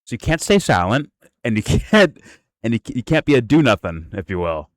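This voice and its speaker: A man's voice: mid-range voice, big pitch swings, moderate pace, no room sound. A male host giving casual reaction commentary, incredulous and profane, rambling and restarting his sentences.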